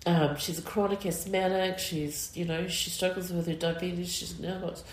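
Emotional, halting New Zealand woman. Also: on the low side, flat delivery. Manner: halting, many fillers, emotional. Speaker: interviewee. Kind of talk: emotional interview reflection. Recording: roomy echo.

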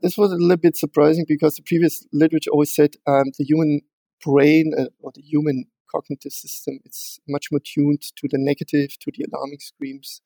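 Guest researcher, male, slightly higher voice, careful and halting. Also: level tone, gravelly, dark tone, no echo. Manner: measured, hesitant with many fillers and restarts. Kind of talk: explaining research in an interview.

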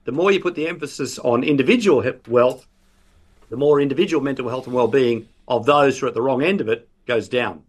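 Australian male academic guest, lively explainer, acts out examples in quotes. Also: medium pitch, a little fast, husky. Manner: animated explaining, quoting imagined patients. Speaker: professor, guest expert. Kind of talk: radio interview.

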